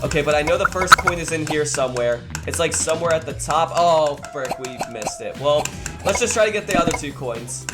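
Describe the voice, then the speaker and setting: A young man giving excited commentary over his own gameplay, chatty, swinging between nervous mutters and loud cheers. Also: a little high, brisk. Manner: chatty, says "dude" a lot, jumps between nervous and hyped. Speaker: gaming video creator. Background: loud background music.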